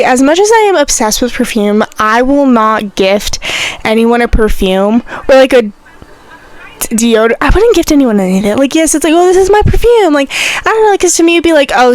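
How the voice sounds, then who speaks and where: A young woman hosting a solo podcast in a casual chat, rambling and animated, repeating herself with lots of "like". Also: fairly high pitch. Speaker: podcast host.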